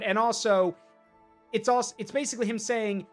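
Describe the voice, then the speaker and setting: A man's voice: extremely high pitch, fairly even intonation, normal speed, soft background music. A man streaming a game, rambling casually with laughs and swearing. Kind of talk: casual gameplay commentary.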